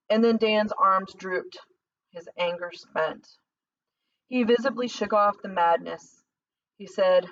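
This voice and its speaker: A woman's voice: medium pitch, unhurried, fairly bright tone. Woman reading a novel aloud. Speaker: audiobook narrator. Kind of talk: scripted narration. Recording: slightly distant dull lo-fi recording.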